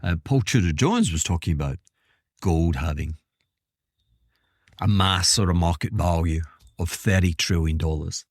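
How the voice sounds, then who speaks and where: A man's voice: low voice, a little slow, long pauses, husky, dry recording, clean studio sound. A man hosting his own podcast, talking in a rambling, self-interrupting way with wry asides. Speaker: podcast host. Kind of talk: casual solo monologue.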